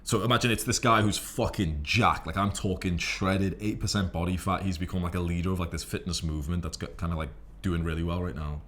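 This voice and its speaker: A man's voice: low-pitched, fairly even intonation, a little fast, hardly any pauses, fairly bright tone, a little hiss or hum. A young man with a Liverpool accent giving a brash, profane motivational monologue to camera, swearing constantly and emphatically. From England. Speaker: self-improvement creator.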